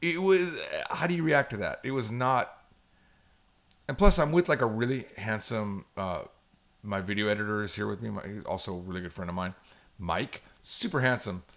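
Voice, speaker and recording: A middle-aged man co-hosting a podcast, telling an animated story in casual chat and mimicking high voices when he quotes people. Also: normal speed. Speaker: podcast co-host.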